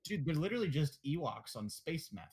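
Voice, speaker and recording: A man's voice: fairly high pitch, sing-song, fairly quick, darkish tone. A young man co-hosting a casual podcast chat, blunt and opinionated, swearing and joking as he goes. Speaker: podcast co-host.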